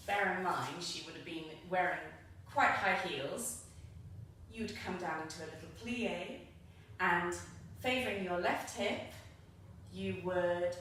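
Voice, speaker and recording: A woman's voice: fairly low pitch, a bit bright. A woman teaching belly dance, upbeat and encouraging, counting out the beats as she demonstrates. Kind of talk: instructional dance tutorial. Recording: very echoey room, voice from a distance.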